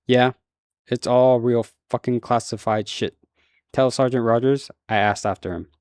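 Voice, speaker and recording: A man doing a gruff, weary army veteran. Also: fairly even intonation, a little slow, a little mellow, no echo, studio quality, natural voice. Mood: curt. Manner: low, curt, gruff.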